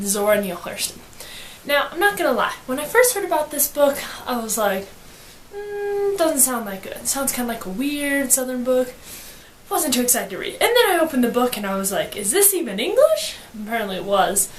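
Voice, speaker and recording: A woman's voice: on the high side, slight background noise. A young woman giving a playful, slangy, casual book review as a vlogger. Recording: echoey room.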